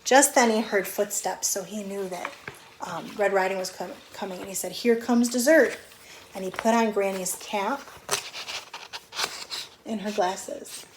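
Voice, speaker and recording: A woman teacher reading a picture book aloud to children, gently explaining words as she goes. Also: medium pitch, fairly even intonation, a little slow, pauses often, noisy background.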